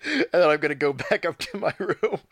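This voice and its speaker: A man playing a tabletop game, casually thinking out loud about his character's moves. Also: on the high side, very animated, a little fast. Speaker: player.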